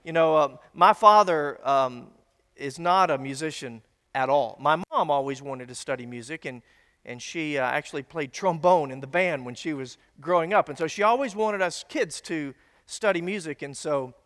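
A pastor speaking at a moderate pace, his voice a bit bright and on the high side, gives a teaching sermon in a church sanctuary. He's conversational and folksy with small asides, and the recording has long hall reverb.

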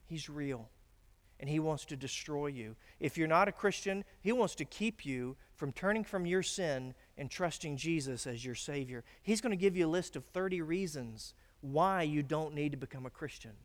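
A man preaching a sermon, swinging from emphatic declarations to hushed, grave warnings. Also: fairly high pitch, lively intonation, moderate pace. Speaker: pastor. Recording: long reverb of a church hall.

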